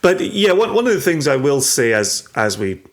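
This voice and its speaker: A man co-hosts a casual podcast at a middle pitch. He teases his partner and then thinks aloud in a reflective way. His voice sits in an everyday range. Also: very animated, normal speed. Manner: teasing, reflective. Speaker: podcast co-host.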